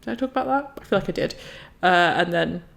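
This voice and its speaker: A woman's voice: on the low side, expressive, fast, vocal fry, fairly bright tone. Chatty woman reacting to her vlog. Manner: chatty, self-mocking, laughs often. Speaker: YouTuber. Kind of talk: casual reaction commentary.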